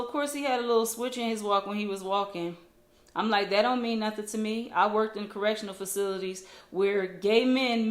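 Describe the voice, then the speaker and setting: A woman, a single mom, telling a story to camera in a blunt, animated way. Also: mid-range voice. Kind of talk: casual storytime monologue. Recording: echoey room.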